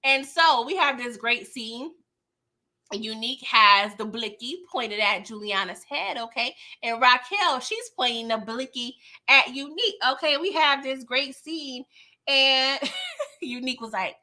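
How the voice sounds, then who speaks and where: A woman's voice: high voice, lively intonation, a little slow, pushed and bright. A woman hosting a casual live TV recap, talking in slang, laughing often and acting out scenes in quoted voices. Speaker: YouTube show recap host.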